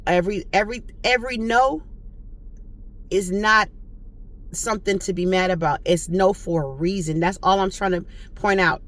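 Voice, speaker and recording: A woman's voice: mid-range voice, moderate pace, pauses often, fairly bright tone. A young woman, telling a story from her week in a chatty vlog monologue that turns preachy and faith-filled. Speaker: vlogger.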